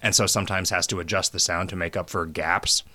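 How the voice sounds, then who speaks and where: A man's voice: sits low, fairly even intonation, a little fast, pushed and bright. A man hosting a podcast, chatting casually and rambling into long jokey explanations. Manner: rambling, joking, explains at length. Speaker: podcast host. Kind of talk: casual chat over a call.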